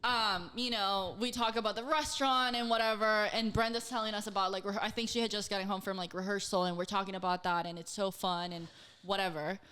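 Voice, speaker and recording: A woman in her twenties, a podcast co-host, telling a story in casual chat, animated and full of fillers and swearing. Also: medium pitch, brisk, clear, resonant tone.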